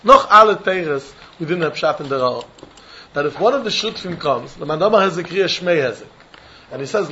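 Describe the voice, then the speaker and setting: A man's voice: sits high, very animated, brisk, sharp tone, highs cut off. Guy giving a talmud class, swoops all over, plays both sides of the argument. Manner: acts out both sides of a dispute in first person. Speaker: Talmud teacher. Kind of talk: animated Talmud lecture.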